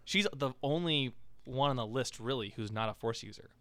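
A man's voice: medium pitch, normal speed, fairly bright tone, no echo. A man hosting a casual podcast discussion, talking in a rambling way with many fillers and restarts. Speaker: podcast host.

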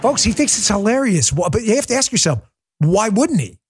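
A man hosts a political talk show with a high, fired-up voice. He talks emphatically and combatively, and he often lapses into mocking impressions of his opponents. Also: very animated, fairly quick, faint music behind. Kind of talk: fiery political commentary.

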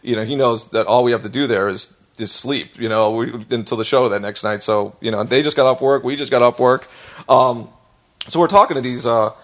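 A man's voice: mid-range voice, a little fast, a bit bright. A man who is a comedian and podcast co-host, telling a long story in a casual way that is rambling and profane, full of fillers and restarts.

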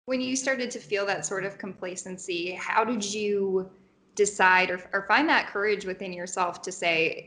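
A woman's voice: mid-range voice, fairly even intonation, moderate pace, fairly bright tone. A woman hosting an interview, friendly and curious, asking thoughtful questions. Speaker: interview host. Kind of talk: casual interview.

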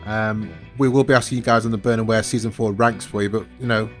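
A man's voice: lowish voice, steady tone, fast, soft background music. A man co-hosting a podcast, cheerful and rambling in casual chat. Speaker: podcast co-host.

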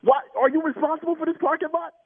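Angry man yelling on a tinny phone line, really high voice, all over the place. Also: steady tone, no room sound. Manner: furious, cursing, rapid questions. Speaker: prank victim caller.

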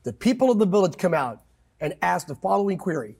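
Gravelly, high-pitched preaching man. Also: sing-song, quick pace, a little mellow. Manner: emphatic, quotes scripture, swings pitch widely. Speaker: pastor guest. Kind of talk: impassioned preaching in conversation.

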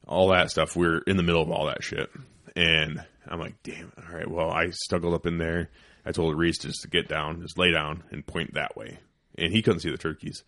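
A man hosting a podcast, telling a hunting story in casual chat, profane and animated, dropping into whispers for quoted lines. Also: low-pitched, normal speed, dry recording, studio quality. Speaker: podcast host.

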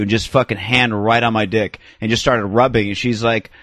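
A man co-hosting a podcast, telling comedic stories in a casual, animated way. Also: fairly quick, dry recording, studio quality. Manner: animated storyteller, jumps into squeaky character voices.

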